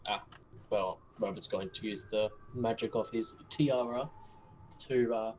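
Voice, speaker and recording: A man's voice: lowish voice, steady tone, unhurried, darkish tone, a little hiss or hum. A man playing a tabletop game, describing his character's actions in the third person. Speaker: player. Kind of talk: tabletop role-play.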